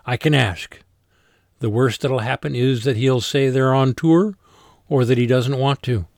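Audiobook: man doing a snappy, sarcastic woman, raised pitch, blunt delivery. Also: a little slow, darkish tone, dry recording, studio quality, close to an everyday voice. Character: sarcastic blunt woman, nursing home coworker. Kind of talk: audiobook character voice.

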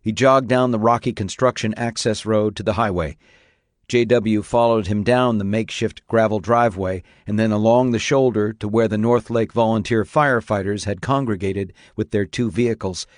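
A man reading an audiobook aloud in a steady, measured narrating style. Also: on the low side, no room sound, clean studio sound. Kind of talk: scripted narration.

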